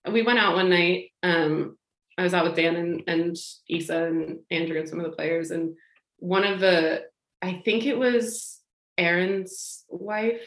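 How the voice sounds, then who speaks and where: A woman telling a long personal anecdote in casual chat, animated, laughing and acting out what others said. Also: fairly low pitch, unhurried. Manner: animated, laughing, acts out quoted lines. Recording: roomy echo.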